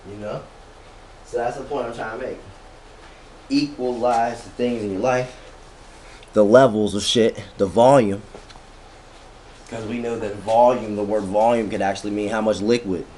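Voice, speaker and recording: A man with a lowish voice gives a casual motivational rant to his viewers. He talks in loose, profane slang and stretches certain words out slowly for weight. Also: steady tone, mellow, a little hiss or hum. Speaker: motivational vlogger.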